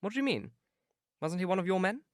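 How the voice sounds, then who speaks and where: A man's voice: animated, quick pace, no echo. A man voicing an anxious, imperious young aristocrat in a dry audiobook reading, with his voice raised above his own. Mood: languid, bored. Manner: raised pitch, urgent and clipped.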